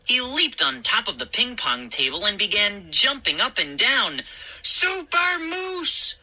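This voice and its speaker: As the show's storyteller, a woman reads a scary children's story aloud in a measured, expressive way. Her voice is mid-range, and the audio quality is poor.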